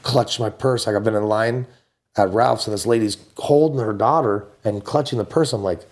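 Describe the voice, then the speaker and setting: A man in his forties from the United States, a podcast guest telling wild stories in relaxed slang. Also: normal speed. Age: 40s. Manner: animated storyteller, jumps up high for quoted voices; laid-back slangy talk. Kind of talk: casual storytelling.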